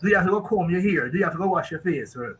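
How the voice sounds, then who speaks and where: A man's voice: high voice, expressive, very fast, slight background noise, low-quality recording. A man with a Jamaican accent, a guest expert on a radio talk show, talking emphatically in rambling rhetorical questions.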